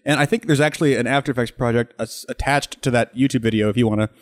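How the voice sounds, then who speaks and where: Fast-talking joking man. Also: mid-range voice. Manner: quick, joking, tangents into visual effects talk. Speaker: podcast co-host. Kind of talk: casual chat over a film commentary.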